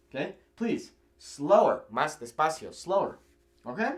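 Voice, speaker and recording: A man from California teaching a video language lesson, animated and repeating phrases slowly for learners. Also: fairly high pitch. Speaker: Spanish teacher.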